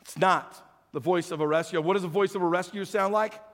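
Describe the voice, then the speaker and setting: A male pastor preaching with a high-pitched voice. He moves between loud acted shouting and quiet, low-voiced appeals to the congregation, and his voice carries a long reverb from a large hall. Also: fairly quick. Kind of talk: sermon.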